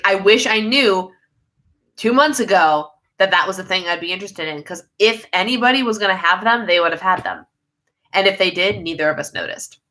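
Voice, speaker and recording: A young woman hosts a relaxed livestream from home. Her voice is bright and a little low-pitched, and she rambles freely, often laughing in the middle of a sentence. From United States. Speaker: livestream host reading viewer comments. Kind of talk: casual live chat.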